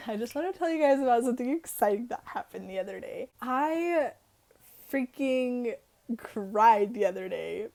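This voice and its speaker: A woman's voice: fairly high pitch, animated, unhurried, vocal fry, a little mellow. A teenage girl chatting casually to camera in a storytime vlog, full of fillers and giggles. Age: teens. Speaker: vlogger. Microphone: camera in her room.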